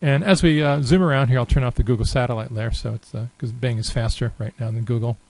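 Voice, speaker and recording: A man giving a relaxed, unscripted screen-recorded software tutorial, thinking aloud with many fillers. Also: medium pitch, fast, creaky, no echo, low-quality recording. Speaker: software demonstrator.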